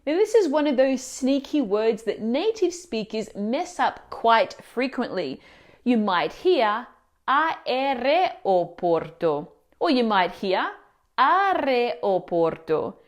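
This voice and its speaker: A woman teaching Italian pronunciation in a scripted video lesson, explaining words clearly and asking the viewer questions. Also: a little high, sing-song, a little slow.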